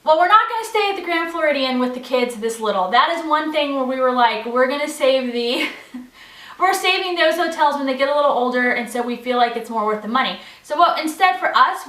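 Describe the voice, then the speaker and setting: A woman's voice: sits high, expressive, a little fast, sharp tone, distant mic. A woman in her thirties, a mother of three, chatting casually to camera in a bubbly, talkative way with frequent laughs. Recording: echoey room, a little off-mic.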